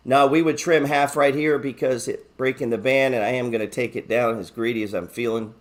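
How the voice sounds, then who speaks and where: A man's voice: medium pitch, steady tone, moderate pace. A man hosting a live stock market show, chatting casually, joking and swearing freely as he talks through his trades. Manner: reads viewer chat aloud.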